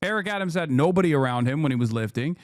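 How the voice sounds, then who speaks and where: A man's voice: a little high, lively intonation, fast, dry recording, clean studio sound. A man streamer reacting to a video clip in heated, profane rants. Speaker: streamer commentator.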